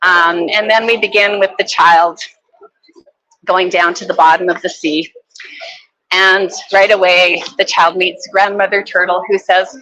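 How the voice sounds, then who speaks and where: A woman from Canada presenting her children's book at a book fair, telling its story in a gentle, earnest way. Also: fairly low pitch, fairly even intonation, unhurried, rough recording.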